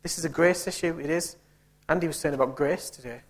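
A man's voice: on the high side, brisk. Punchy preacher man. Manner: emphatic, punchy, rhetorical questions. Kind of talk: sermon.

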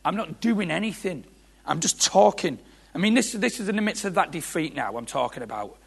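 A man's voice: high-pitched, lively intonation, a little fast, creaky, husky. A man preaching an impassioned sermon, repeating phrases and building to emphatic peaks. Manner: impassioned, repetitive, rising to shouts.

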